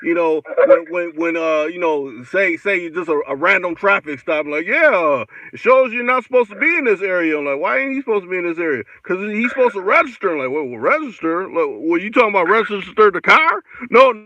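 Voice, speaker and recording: A man's voice: sits high, big pitch swings, brisk, few pauses, pushed and bright, dry recording, highs cut off. A man co-hosting a live stream in casual chat, slangy, and reading out viewer comments.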